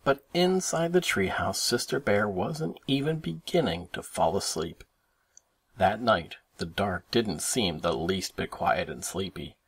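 A man reading a children's storybook aloud for his kids, expressive and animated. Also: deep voice, unhurried, husky.

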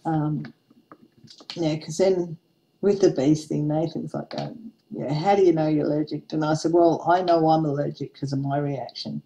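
Lower, mellow-voiced woman in her forties telling a story. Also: normal speed, slight background noise, rough recording. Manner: chatty, laughs often while telling a funny story. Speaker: craft vlogger. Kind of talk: casual storytelling chat while crafting.

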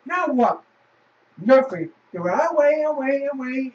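A very high-voiced man talks through a horror game, swearing and erupting into loud outbursts. His pitch swings widely. The audio is dull and lo-fi, picked up from a distance in an echoey room. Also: expressive, a little slow, a little hiss or hum. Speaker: gamer.

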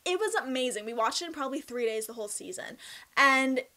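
Bubbly young Canadian woman vlogger with a Canadian accent, high bright voice, expressive casual delivery. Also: fast. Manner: bubbly, chatty and expressive, with laughs and emphatic swings. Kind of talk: casual Q&A vlog.

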